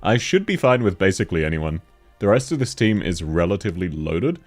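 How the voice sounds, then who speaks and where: A man with a deep timbre chatting casually and jokily while streaming a game, laughing often. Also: sing-song, a little fast, soft background music. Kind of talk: casual gaming stream chat.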